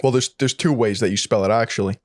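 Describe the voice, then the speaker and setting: A man's voice: medium pitch, fast talker, dry recording, clean studio sound. A young man co-hosting a podcast, talking casually and expressively, swearing and laughing easily. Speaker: podcast co-host. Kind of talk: casual chat.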